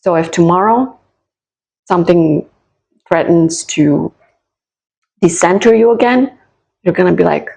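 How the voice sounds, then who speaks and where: A woman's voice: on the low side, a little slow, creaky, pauses often, warm tone, breathy edge, rough recording. A woman psychic talking straight to her viewers in a soothing, encouraging way, often repeating her phrases. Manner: direct address to viewers. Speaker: psychic and spiritual coach. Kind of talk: casual channeled reading to camera.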